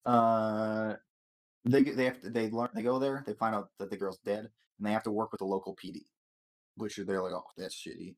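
A man's voice: fairly low pitch, flat delivery, brisk. A man hosting a casual chat, rambling and swearing through a TV episode recap, stumbling over words and laughing.

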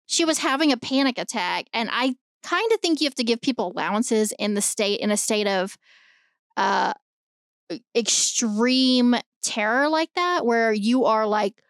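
Animated, swearing woman podcast co-host. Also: fairly high pitch, unhurried, clean tone, no echo, clean studio sound. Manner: animated, swears freely, argues her point. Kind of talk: casual chat.

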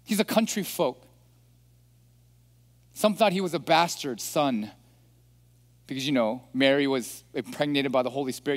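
A man preaching a sermon as pastor, animated and throwing rhetorical questions at the congregation. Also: medium pitch, normal speed, long pauses. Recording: long hall reverb.

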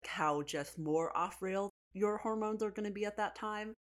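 A woman's voice: mid-range voice, moderate pace. A pregnant woman chatting casually, telling a family story animatedly and laughing often. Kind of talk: casual chat.

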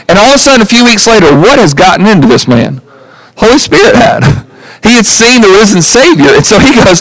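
A man with a notably high voice preaches a sermon from the pulpit. He stays animated throughout, slipping into the voices of the people he quotes and chuckling at his own asides. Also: fairly quick, poor audio. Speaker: pastor.

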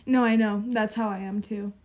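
A woman co-hosting a podcast in casual chat, soft-spoken and giggly, saying "like" often. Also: mid-range voice, steady tone, moderate pace. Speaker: podcast co-host.

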